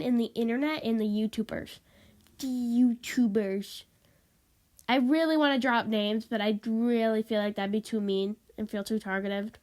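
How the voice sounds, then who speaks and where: A woman vlogging in a casual, rambling monologue, stuffy and sniffling, apologetic and repeating herself, recorded on a tablet. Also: fairly high pitch. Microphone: tablet microphone.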